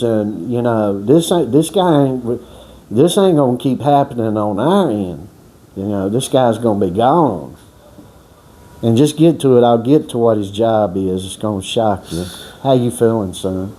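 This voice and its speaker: Man, slow drawn-out storytelling, warm mellow voice, rambling, folksy, profane. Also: mid-range voice, lively intonation. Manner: rambling, profane, folksy talk with many restarts; acts out others' words in shifted voices. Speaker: storyteller on a boxing workout channel.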